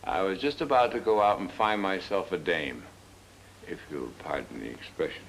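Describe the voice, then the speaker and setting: A drunk, sardonic prosecutor. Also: male voice, low-pitched, moderate pace, slight background noise, poor audio. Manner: sarcastic, wry. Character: weary married male prosecutor, sardonic flirt. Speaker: assistant district attorney. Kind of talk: 1940s film acting.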